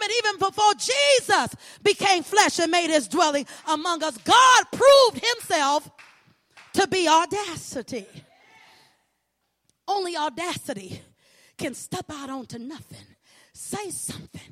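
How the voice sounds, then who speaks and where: A woman preaching an impassioned sermon, building repeated lines into ringing shouts. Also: very high-pitched, expressive, a little slow. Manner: rhythmic repetition, building to shouts.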